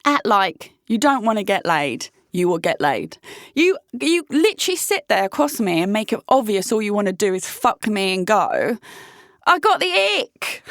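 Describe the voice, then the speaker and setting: A woman in her thirties talking about dating in a blunt, sweary, animated way that is full of laughs. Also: mid-range voice, normal speed, no room sound, clean studio sound. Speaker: dating vlogger. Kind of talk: casual candid vlog monologue.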